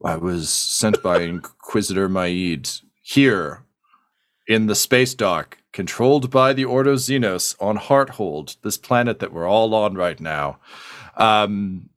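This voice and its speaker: A man's voice: fairly low pitch, takes it slowly. A man narrating a tabletop game as game master, casual and hesitant, with many fillers.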